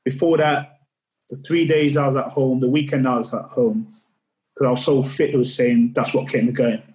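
A middle-aged man speaks candidly in a podcast interview. He is earnest and tells his story with restarts and repeated words. His pitch sits mid-range for a man. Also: fairly even intonation, moderate pace, a little mellow, low-quality recording. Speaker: podcast guest.

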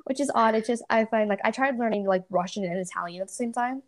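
A woman's voice: a little high, quick pace. A young adult woman hosting a podcast, chatting casually and hesitantly with many fillers. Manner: hesitant, many ums and likes. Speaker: podcast host. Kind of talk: casual interview chat.

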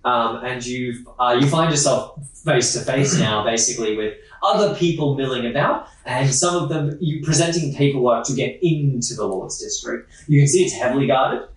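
A man narrating as game master of a tabletop role-playing game, in a relaxed, halting way with many fillers. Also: mid-range voice. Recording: echoey, distant room mic.

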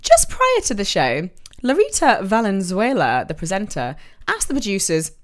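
Podcast co-host: young woman, animated and chatty storyteller who curses freely. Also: medium pitch, moderate pace. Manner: chatty storyteller, swears, laughs often. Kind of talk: casual podcast chat. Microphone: podcast microphone.

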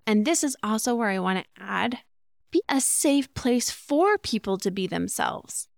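A woman's voice: fairly high pitch, expressive, a little slow, vocal fry, no room sound, studio quality. A woman hosting a relationship podcast, talking earnestly and in a teaching way, now and then acting out sample phrases. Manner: earnest, instructive, acts out example phrases. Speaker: podcast host. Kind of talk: relationship advice podcast monologue.

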